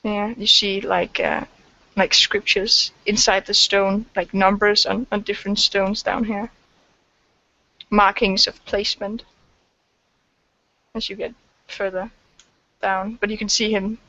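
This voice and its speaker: A woman's voice: mid-range voice, little pitch movement, unhurried, long pauses, pushed and bright, muffled recording. A woman narrating a tabletop game as game master, hesitant and full of fillers. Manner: hesitant, many fillers and restarts.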